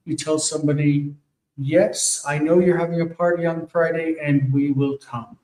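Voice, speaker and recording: A man teaching a Hebrew grammar lesson, explaining forms slowly and patiently and checking in with "okay?" as he goes. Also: on the high side, steady tone, warm tone, slight background noise. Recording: echoey room, far from mic.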